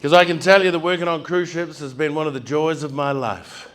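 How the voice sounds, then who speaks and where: A male stand-up comedian telling stories on stage, animated, acting out scenes and building to shouts. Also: on the high side, brisk. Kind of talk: stand-up storytelling. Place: comedy stage before a live audience.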